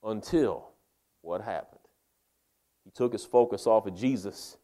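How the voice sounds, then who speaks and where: A man delivers a sermon. His style is folksy and emphatic, with "man" and "baby" dropped into his lines. He moves from loud emphasis to quiet, slow phrases. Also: lowish voice. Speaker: preacher.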